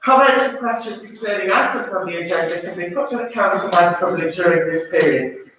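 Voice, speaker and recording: A man with a high voice runs a council meeting, reading agenda items plainly. The sound is distant and muffled, with strong room echo and faint background noise. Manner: procedural, reads items plainly. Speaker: council chair. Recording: echoey, dull room recording from far off with faint noise.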